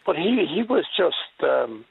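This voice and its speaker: A man's voice: fairly high pitch, big pitch swings, slow, vocal fry, slightly rough, dry recording. A man calling in on the line to share rambling recollections. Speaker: caller on the line. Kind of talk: phone-in reminiscence. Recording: tinny phone line.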